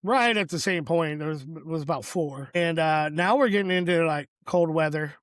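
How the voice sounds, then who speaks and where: A man's voice: a little high, moderate pace, fairly bright tone, no echo, clean studio sound. A man co-hosting a podcast, telling a personal story in an earnest, reflective way with plenty of fillers. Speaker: podcast co-host.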